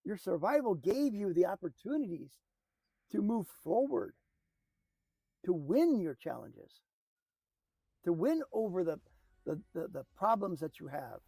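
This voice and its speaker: A man giving an earnest motivational talk, repeating phrases and often dropping to a soft, hushed voice for emphasis. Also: sits high, very animated, a little slow, vocal fry, long pauses, slightly rough, no room sound, rough recording. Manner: earnest, repetitive, drops to a soft hush for emphasis. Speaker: motivational speaker.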